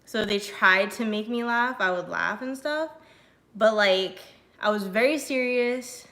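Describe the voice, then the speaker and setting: A young woman chats with her stream audience in a bright, sharp voice. She rambles casually with lots of fillers and breaks into laughs while answering viewers. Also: medium pitch, a little slow. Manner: chatty and animated, many fillers, laughs often; reads and answers chat messages.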